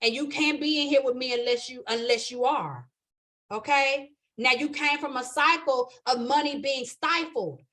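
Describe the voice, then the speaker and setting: A high-pitched woman leads a live spiritual astrology class. She talks in an emphatic, preaching way, stacks repeated phrases for emphasis, and keeps asking her listeners "okay?" and "you understand?". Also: normal speed, fairly bright tone. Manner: repetitive, building emphasis. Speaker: astrology teacher.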